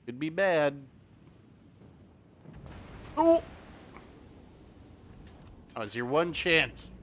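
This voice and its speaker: A man's voice: on the high side, huge pitch swings, extremely slow, fairly bright tone, a little hiss or hum. A man chatting casually during a live game stream, joking and laughing often between comments.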